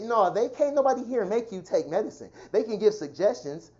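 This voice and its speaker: A woman venting in a heated, profane personal rant, talking fast and indignantly about how she has been treated. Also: on the high side, lively intonation, a little mellow. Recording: dull lo-fi sound.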